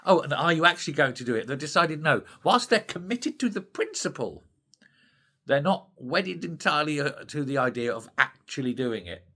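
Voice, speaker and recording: An older British man delivers a solo opinion rant with scorn and open indignation. His voice is bright and fairly high for a man, and it rises and falls a great deal as he talks. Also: moderate pace. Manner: indignant, scornful, animated ranting. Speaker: commentary channel host.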